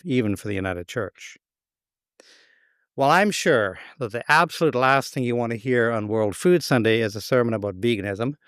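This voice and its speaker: Man, pastor's sermon, wry humor, smooth resonant voice, dry close sound. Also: fairly low pitch, a bit bright, no room sound.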